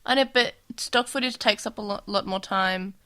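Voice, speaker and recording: A woman's voice: mid-range voice, normal speed, bright, forceful tone. A woman co-hosting a podcast, chatting casually as she summarizes a story. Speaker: podcast co-host. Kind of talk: casual chat recapping a cartoon.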